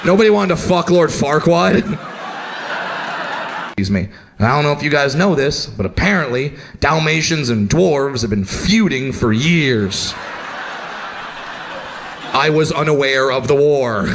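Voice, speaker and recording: Loud, excitable stand-up comedian man. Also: on the high side, a little slow, vocal fry, pauses often, slight background noise. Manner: loud, excitable, shouting punchlines. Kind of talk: stand-up storytelling. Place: comedy stage before a live audience.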